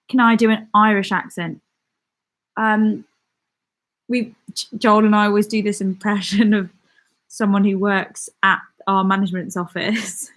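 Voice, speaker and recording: A woman's voice: medium pitch, fairly bright tone. Giggly chatty young woman from Britain. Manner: chatty and giggly, with frequent ums and laughs. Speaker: YouTuber hosting a live stream. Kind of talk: casual live-stream chat reading viewer comments.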